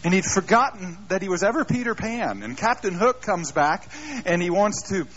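Lively middle-aged preacher on worn tape. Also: male voice, sits high, normal speed, a little hiss or hum. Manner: animated storytelling with self-deprecating humor. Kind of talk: sermon. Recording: dull lo-fi live sermon tape.

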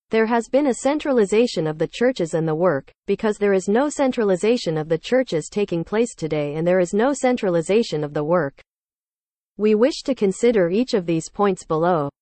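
A woman reads a formal rebuttal aloud at a steady, measured pace. Her voice sits at an ordinary middle pitch. The recording is dry and close, with no room sound. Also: no room sound. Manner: measured, formal, even delivery. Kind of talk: scripted reading of a written rebuttal.

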